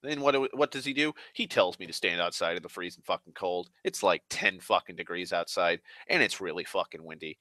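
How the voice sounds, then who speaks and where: A man's voice: sits low, fairly quick, hardly any pauses, pushed and bright, no room sound. A young man telling a long profane story in an exasperated rant, often slipping into other people's voices.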